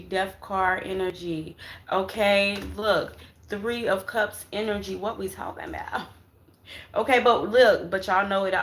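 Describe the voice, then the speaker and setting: A woman's voice: mid-range voice, fairly bright tone. A woman giving a casual spiritual tarot reading to her viewers, calling them "y'all" and checking in with "okay?" after nearly every phrase. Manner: casual, repetitive, addresses viewers as "y'all" and "baby"; emphatic, punctuates with "okay?" and "Ashe". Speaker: tarot reader.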